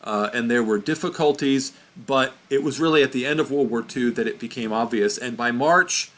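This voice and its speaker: A man's voice: medium pitch, normal speed, fairly bright tone. A man giving an informal history lesson, chatty and self-correcting as he points at a map. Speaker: history teacher.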